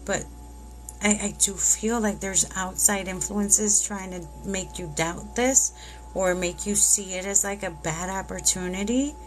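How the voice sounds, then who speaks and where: A woman doing a live tarot reading who speaks warmly and reassuringly and keeps tearing up. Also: mid-range voice, measured pace. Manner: emotional, tearful, reassuring. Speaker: tarot reader.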